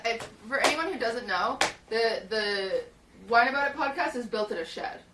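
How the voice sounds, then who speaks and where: A woman's voice: fairly high pitch, animated, normal speed, heavy background noise. A young woman streamer casually retelling a story in a rambling way, with lots of fillers, in a small hot shed. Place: small hot shed used as a podcast studio. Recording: roomy, distant mic.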